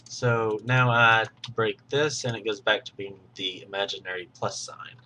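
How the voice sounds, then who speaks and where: Brief: male tutorial narrator, patient and explanatory, bright voice, faint keyboard clicks behind. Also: fairly low pitch, normal speed, a little hiss or hum. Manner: patient, explanatory, self-correcting. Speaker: tutorial host. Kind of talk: screen-recorded game tutorial narration.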